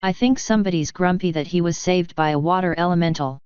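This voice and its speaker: A woman's voice: fairly low pitch, quick pace, darkish tone, clear, resonant tone, dry recording, highs cut off, natural voice. A woman voicing a smug, teasing female water elemental.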